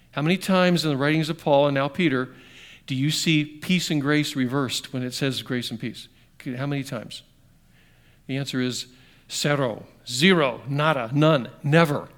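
A middle-aged man preaching a sermon conversationally, asking his congregation questions and swinging between emphatic bursts and quiet, slowed passages. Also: on the high side, steady tone. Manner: conversational, asks the audience questions. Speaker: pastor.

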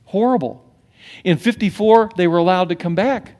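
Middle-aged pastor, man, slightly high voice, animated sermon delivery, quiet to loud. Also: normal speed. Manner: animated preaching that swings from hushed to emphatic, with many restarts.

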